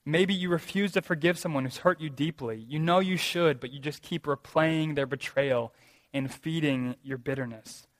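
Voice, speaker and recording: A man serving as pastor preaches a sermon in a reverberant hall, speaking at a moderate pace in a voice that is a little high. His manner is earnest and emphatic, full of rhetorical questions.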